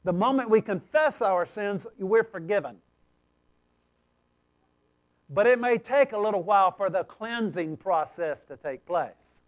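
A man preaching a sermon, emphatic, asking "okay?" often and swinging from loud pleas to quiet asides. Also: high-pitched, animated, a little slow, pauses often. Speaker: pastor.

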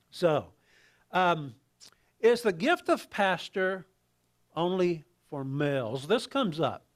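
Male pastor, slightly high voice, talky sermon with restarts and soft asides. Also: big pitch swings. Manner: conversational, halting with restarts, drops to quiet asides.

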